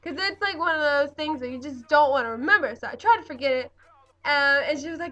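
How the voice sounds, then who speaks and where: A woman's voice: sits high, lively intonation, fast talker, fairly bright tone, lo-fi sound, faint music behind. A teenage girl telling a story to her vlog audience in a bubbly, giggly way, full of ums and likes. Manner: bubbly, giggly, lots of fillers like um and like. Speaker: vlogger. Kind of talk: casual storytime chat.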